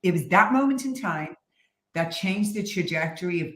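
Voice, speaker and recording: A woman's voice: on the low side, animated, moderate pace. A woman guest who teaches meditation talks in a candid, reflective way and laughs easily in a casual interview. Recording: roomy echo.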